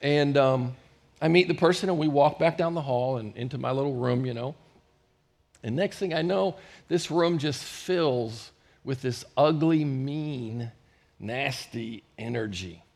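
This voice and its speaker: A middle-aged male pastor preaching a storytelling sermon, swinging from loud bursts to hushed moments. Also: medium pitch, measured pace, gravelly.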